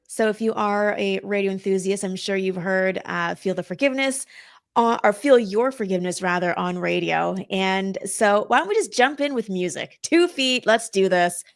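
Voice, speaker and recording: An upbeat woman hosts a casual interview and asks friendly questions, dropping in the odd filler. Her pitch sits in the middle. The recording is dry and close. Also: moderate pace, creaky, smooth, dry recording. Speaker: interview host.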